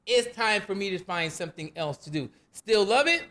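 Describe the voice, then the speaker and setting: A man's voice: high voice, expressive, normal speed, bright, forceful tone. A man hosting a podcast in casual chat, talking with frequent fillers and restarts. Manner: hesitant, many fillers and restarts. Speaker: podcast host. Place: rooftop venue.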